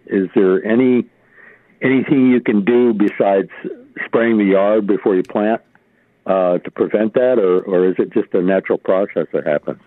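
Radio caller on a tinny phone line. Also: male voice, lowish voice, moderate pace, no echo. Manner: hesitant, many uh fillers. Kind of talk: call-in question.

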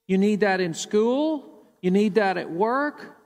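A man's voice: sits high, animated, slow, darkish tone, big-room sound. A male pastor delivering a sermon emphatically, often repeating words as he preaches. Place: church sanctuary.

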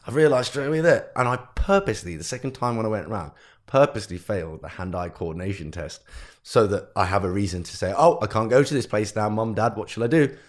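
A young entrepreneur appears as a guest on a podcast, telling his life story and animatedly acting out what his parents and teachers said. His voice is on the low side and he talks fast.

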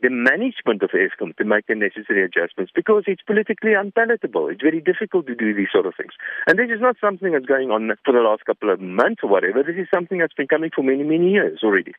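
A South African man speaking as an economist, blunt and emphatic, often breaking off and restarting his phrases. He talks quickly at an ordinary pitch. The sound is thin and tinny, as if down a phone line, with no room echo. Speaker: economist guest. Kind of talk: phone-in radio interview. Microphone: telephone.

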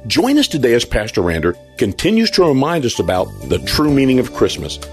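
A man's voice: mid-range voice, huge pitch swings, fairly quick. A man reading a scripted introduction to a preaching broadcast. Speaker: announcer. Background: music bed.

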